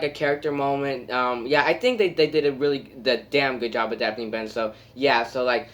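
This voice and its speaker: Male vlogger reviewing a film off the cuff, mid-pitched voice, eager and loosely rambling, leaning on fillers. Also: fairly bright tone. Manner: rambling, enthusiastic, heavy filler words and restarts. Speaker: movie reviewer. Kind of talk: casual spoken review.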